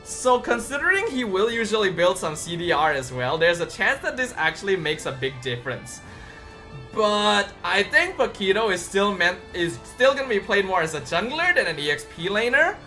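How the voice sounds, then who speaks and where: A game streamer reviewing patch notes live, voice bright and sharp, pitch bouncing all over as excitement spills into shouted exclamations. Soft music plays faintly in the background. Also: moderate pace. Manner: excitable, bursts into loud exclamations.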